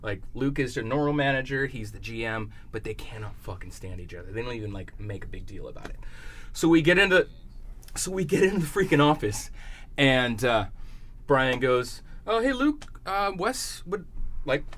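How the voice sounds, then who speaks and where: A man's voice: mid-range voice, expressive, normal speed, a bit bright, slight background noise. A young adult man on a podcast, telling a story in casual chat. He swears freely and acts out the other people's lines as he goes. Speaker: podcast co-host.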